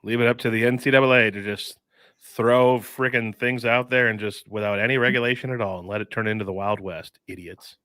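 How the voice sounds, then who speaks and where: A man co-hosting a sports podcast, talking in a lively, upbeat way and often saying dude. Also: lowish voice, a little fast, no echo, clean studio sound. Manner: enthusiastic, says dude and mm-hmm. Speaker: podcast co-host. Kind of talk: casual sports chat.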